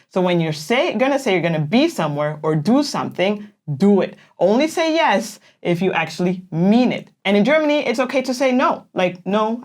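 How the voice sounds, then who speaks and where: A woman co-hosting a casual chat, talking freely with frequent laughs and fillers. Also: fairly low pitch. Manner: chatty, laughs often, says "like" a lot. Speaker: co-host.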